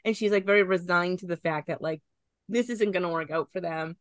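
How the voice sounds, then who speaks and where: A woman co-hosting a podcast in casual chat, animated, swearing freely and laughing often. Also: fairly low pitch, brisk, no echo. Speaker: podcast co-host.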